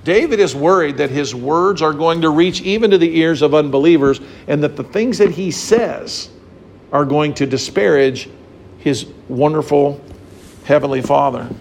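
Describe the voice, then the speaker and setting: This pastor, speaking at a moderate pace with vocal fry and some faint background noise, preaches on a psalm to his congregation. He animates the sermon by acting out scenes and voices with dramatic pitch shifts.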